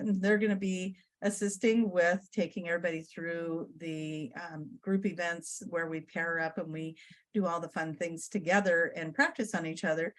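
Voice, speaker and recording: Upbeat chatty woman promoting an event. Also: mid-range voice. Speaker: podcast guest. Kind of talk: casual chat.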